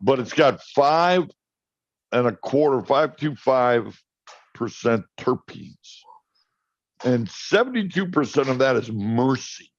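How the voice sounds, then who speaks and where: A man talking casually on a talk show, spinning an animated story and stumbling over his first words. His voice sits at a middle pitch. The sound is dry and a little dull. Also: slow, no room sound. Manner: storytelling, animated, repeats words when starting. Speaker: guest, cannabis grower.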